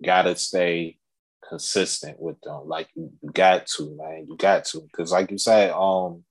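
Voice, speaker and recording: A man's voice: sits low, measured pace. A man, laid-back and full of street slang. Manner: laid-back street slang, frequent "you know what I'm saying". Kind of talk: casual podcast talk.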